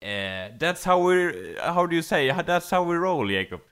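A man's voice: fairly high pitch, big pitch swings, unhurried, a bit bright, smooth. A man from Sweden with a Swedish accent, co-hosting a casual podcast, often stumbling and searching for English phrases. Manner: hesitant, restarts words, searches for English phrases. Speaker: podcast co-host.

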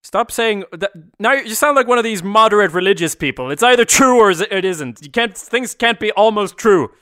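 A man's voice: high-pitched, expressive, fairly quick, pushed and bright, no room sound, clean studio sound. A man co-hosting a casual podcast, sarcastic and ranting, swearing freely and mocking posh speech. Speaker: podcast co-host.

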